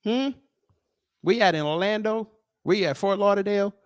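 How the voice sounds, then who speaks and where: A man's voice: sits high, fairly quick, smooth, no room sound, clean studio sound. Combative man ranting. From United States. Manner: combative, sarcastic, taunting, swearing. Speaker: commentary host. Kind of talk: heated commentary rant.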